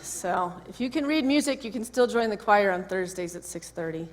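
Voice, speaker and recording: A woman's voice: mid-range voice, animated, moderate pace. A woman associate minister giving a casual sermon talk in a church, chatty and full of friendly asides. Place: church sanctuary. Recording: long echo of a church hall.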